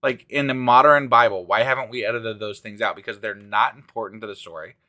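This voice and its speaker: A man's voice: medium pitch, a little fast, pushed and bright. A man co-hosting a casual podcast from home, ranting in an exasperated way and swearing a lot. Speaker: podcast co-host. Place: living room at home.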